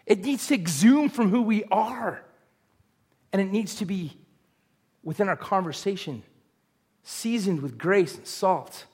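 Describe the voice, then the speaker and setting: A man's voice: high voice, lively intonation, a little slow, long pauses, a little mellow, breathy edge. Joking, conversational male preacher. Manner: conversational, joking, with laughs and rhetorical questions. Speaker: pastor. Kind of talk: sermon.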